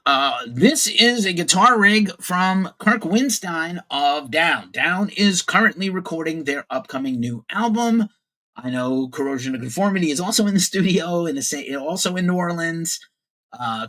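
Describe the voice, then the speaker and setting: A man's voice: fairly high pitch, bright, forceful tone. A man in his forties hosting a casual livestream news show, opinionated and profane, greeting viewers in the chat.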